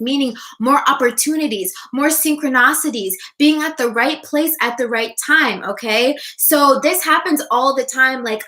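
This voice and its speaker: A woman's voice: high-pitched, pushed and bright. A young woman life coach giving a motivational live-stream talk, checking in with frequent "okay?" and "right?". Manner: enthusiastic, repeats "okay?" and "right?".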